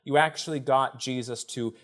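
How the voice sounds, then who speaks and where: In conversation on a podcast, a man who is an author unpacks a Bible story, acting out quoted speakers with animation. His voice is mid-range and he keeps a moderate pace.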